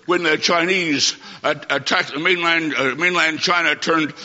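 A man preaching an emphatic sermon in a church, swinging from loud declarations to hushed asides. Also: a little high, steady tone, unhurried. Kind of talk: fiery sermon. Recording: dull lo-fi sound in a reverberant hall.

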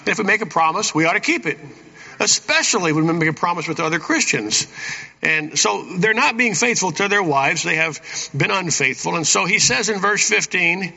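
The speaker is a pastor preaching in church, reading verses and throwing a folksy "Amen?" to the congregation between points. His fairly high voice is expressive, gravelly, pushed, and bright, at normal speed. Sound is dull and reverberant, like a church hall.

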